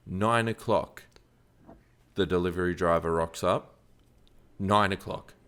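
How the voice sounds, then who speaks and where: A man's voice: deep voice, a little slow, clear, resonant tone. A man co-hosting a casual podcast, telling stories and acting out the people in them. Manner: animated storyteller, acts out quotes loudly. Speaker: podcast co-host.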